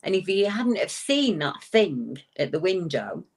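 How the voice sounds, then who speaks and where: A woman, a talk show guest who tells stories in a casual way, jumps up high when she quotes people and restarts her sentences often. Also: unhurried, slightly rough. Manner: animated storyteller, swooping into high quoted voices, frequent restarts. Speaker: guest paranormal investigator.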